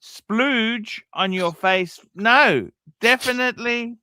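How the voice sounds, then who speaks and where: A man's voice: extremely high pitch, takes it slowly, sharp tone, smooth, no room sound. A middle-aged man, hosting a casual livestream chat, blunt and profane as he reads out viewer messages. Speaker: livestream host.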